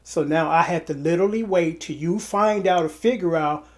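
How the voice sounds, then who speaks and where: A man's voice: fairly high pitch, moderate pace. A tired man running his own channel, talking straight to his buyers in a rambling way, repeating and restarting his words. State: tired from little sleep. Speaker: online seller and channel host. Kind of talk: casual direct-to-camera vlog.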